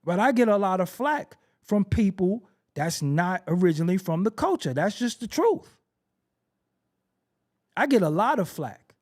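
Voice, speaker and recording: A man's voice: high voice, big pitch swings, unhurried, a little mellow. A man hosting a podcast, ranting in heated commentary, hammering phrases again and again and firing rhetorical questions. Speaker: podcast host.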